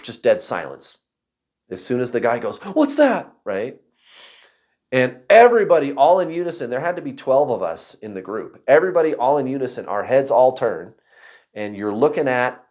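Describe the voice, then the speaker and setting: A man casually telling a personal story to camera, acting out other people's voices and shouts. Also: medium pitch, big pitch swings, moderate pace. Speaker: vlogger.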